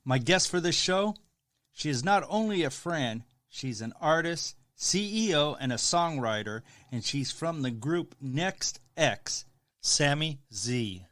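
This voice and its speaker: A man's voice: fairly high pitch, expressive, slow pace, a bit bright. A man hosting his own music podcast, delivering promos and a boastful, showman-style introduction of himself. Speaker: podcast host and professional wrestler. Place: home.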